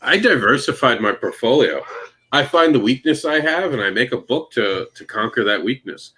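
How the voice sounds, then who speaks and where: A man's voice: medium pitch, expressive, moderate pace, bright, forceful tone, husky. Male guest, brash storyteller, sarcastic, acts out his own asides. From Florida. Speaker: guest, comics creator. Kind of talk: casual chat.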